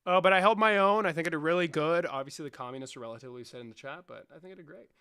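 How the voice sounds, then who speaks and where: Young male streamer, slightly high, sharp-toned voice; loose, profane, joking live chat. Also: very fast, clean tone. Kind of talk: casual livestream chat, answering chat.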